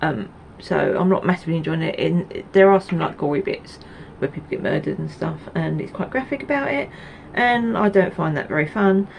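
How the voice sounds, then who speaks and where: A woman's voice: fairly low pitch, lively intonation, brisk, creaky, few pauses, a little hiss or hum, rough recording. Chatty woman rambling to camera. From Essex, England. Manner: rambling, chatty, with many ums and asides. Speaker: knitting podcast host. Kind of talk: casual chat to camera.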